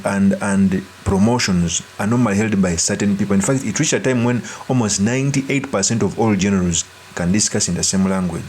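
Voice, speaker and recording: Guy commenting on politics, lowish voice, slow and earnest. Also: darkish tone, slight background noise.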